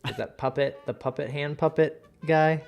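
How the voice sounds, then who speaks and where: A man's voice: fairly high pitch, fairly even intonation, normal speed, creaky, darkish tone, faint music behind. A man co-hosting a podcast, guessing quiz answers casually and thinking aloud. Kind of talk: casual chat.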